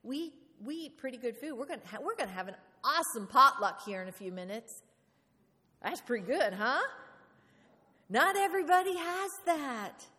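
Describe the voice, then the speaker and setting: A woman preaching a lively sermon in a church, playful and animated, often asking the congregation questions. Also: a little high, fairly quick. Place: church hall. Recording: reverberant hall.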